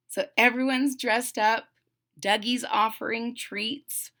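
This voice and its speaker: A woman reading a children's picture book aloud as a channel host, pausing to explain the pictures. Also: mid-range voice, expressive, gravelly. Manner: slow, gently explaining the pictures. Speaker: storybook read-aloud host.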